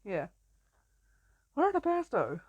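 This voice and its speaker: A woman's voice: mid-range voice, wildly swooping pitch, a little slow, a little mellow, breathy edge, no echo, highs cut off. A young woman chatting playfully while commentating a survival game she is playing. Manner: chatty and playful, often laughing and greeting animals. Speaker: gameplay commentator. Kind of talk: casual let's-play commentary.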